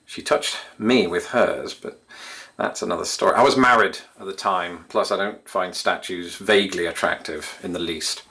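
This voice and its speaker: Low-voiced English man reminiscing. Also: normal speed, bright, forceful tone, breathy edge. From England. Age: 30s. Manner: wry, self-deprecating, chatty. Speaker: YouTube host. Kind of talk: casual reminiscing monologue.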